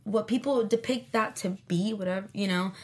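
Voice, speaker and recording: A chatty woman in her thirties, talking as an interview guest. She tells her story with lots of fillers, and her voice jumps up high and loud whenever she acts out what someone said. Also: moderate pace. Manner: chatty storyteller, acts out quoted lines in high animated bursts. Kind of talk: casual interview chat.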